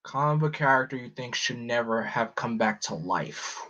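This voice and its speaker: A man chatting casually on a live stream, excitable and rambling, often restarting his sentences. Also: medium pitch, normal speed. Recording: slightly muffled lo-fi audio.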